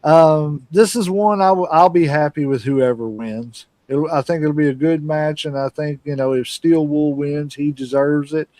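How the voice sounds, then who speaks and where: A man's voice: on the high side, steady tone, normal speed, few pauses, darkish tone, dry recording. A man hosting a casual wrestling podcast, easygoing and rambling, chatting and laughing with his co-hosts. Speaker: podcast host. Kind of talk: casual chat.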